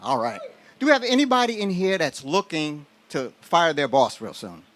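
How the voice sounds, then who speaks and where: A man's voice: a little high, very animated, normal speed, a bit bright. A man giving a motivational business talk on stage, asking the audience questions. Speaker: business speaker.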